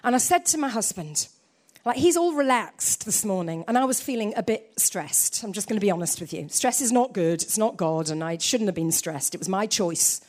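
A woman preaching a sermon, telling a story with lively delivery and quiet low asides. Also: normal speed.

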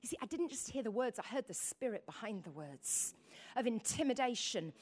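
A woman's voice: fairly high pitch, expressive, normal speed. A middle-aged woman preaching a sermon, telling a personal story in a rambling, emotional way and calling on the congregation to repeat words.

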